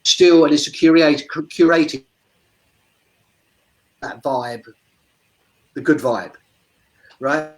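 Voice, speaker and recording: On a casual video-call interview, a street performer talks through his career in a chatty, digressive way. His voice is a little high, slow and full of pauses, and the recording quality is low.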